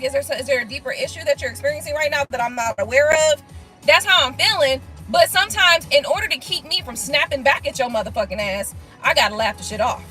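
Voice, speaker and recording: On a casual live stream, a woman who reads tarot goes through viewer comments, blunt and profane, laughing things off. Her voice is high and bright, soft music plays faintly underneath, and the audio quality is poor.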